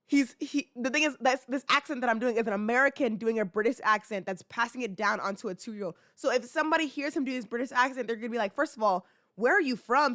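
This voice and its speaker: In clean studio audio with no room sound, a podcast host in her twenties talks in a fairly high, slightly bright voice. It's a casual chat full of rambling, fillers, and laughs.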